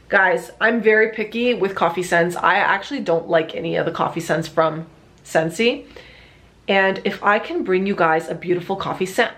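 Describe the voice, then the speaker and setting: A young woman from Portugal presenting her own products in a casual vlog to camera, gushing and chatty, with fillers, restarts and the odd swear word. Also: medium pitch. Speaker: small business owner presenting her products.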